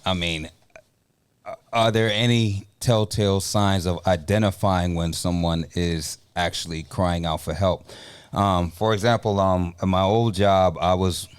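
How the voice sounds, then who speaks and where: A man's voice: deep voice, steady tone, a little slow, clean tone. A man in a casual discussion, telling a story from work in a hesitant way with fillers.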